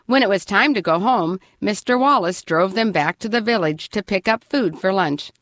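A woman narrating a children's storybook in an expressive, lively reading voice. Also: medium pitch, normal speed, no room sound, studio quality.

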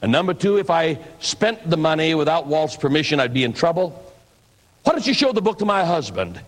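A man's voice: a little high, very animated, a little fast. Man doing a tired mother, firm, pleading, somewhat raised voice. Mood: practical.

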